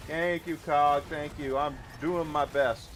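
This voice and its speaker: A man's voice: a little high, steady tone, slow, a bit bright, slight background noise. A man streaming a game live, chatting casually and thanking viewers as he plays.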